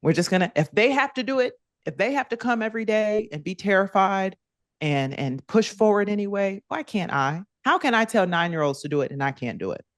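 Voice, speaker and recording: A woman in her thirties, a former athlete, telling lively stories as a podcast guest and acting out quoted kids in higher voices. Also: fairly quick, dry recording, studio quality. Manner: animated, acts out quoted kids in higher voices, laughs often. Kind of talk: conversational storytelling interview.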